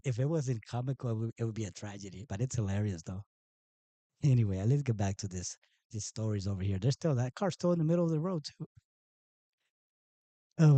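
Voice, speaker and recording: A man's voice: lowish voice, warm tone, no echo. A man hosting a live stream, talking in a mocking, sarcastic and rambling way to his viewers. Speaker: livestream host. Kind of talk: casual live-stream commentary.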